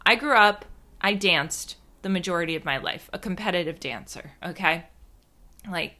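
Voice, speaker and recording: A woman's voice: fairly low pitch, moderate pace, sharp tone. A young woman from New Jersey telling a rambling, casual story in a chatty, profane way, full of fillers.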